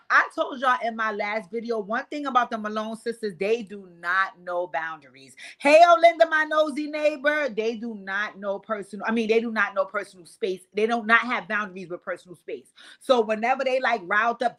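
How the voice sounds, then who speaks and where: A woman doing casual, animated reality-show commentary, swearing freely. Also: medium pitch. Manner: animated, profane, laughing asides. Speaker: show recap vlogger.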